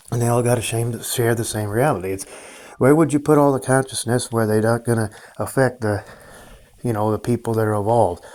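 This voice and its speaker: Low-pitched middle-aged man, rambling vlog talk, profane, frustrated, filler-heavy, close mic. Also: darkish tone. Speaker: vlogger. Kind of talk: casual rambling monologue.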